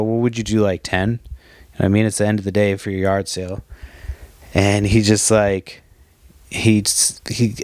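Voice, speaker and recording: A man's voice: on the low side, no echo. A man hosting a podcast, telling a story in a loose, profane ramble. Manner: profane, animated storytelling with quoted back-and-forth. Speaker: podcast host. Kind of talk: casual rambling monologue.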